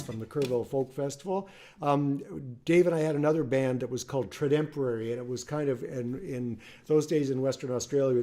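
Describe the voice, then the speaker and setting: A man's voice: medium pitch, dark tone. An older man, a singer-songwriter, chatting casually on a home livestream between songs, rambling and restarting his sentences. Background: acoustic guitar.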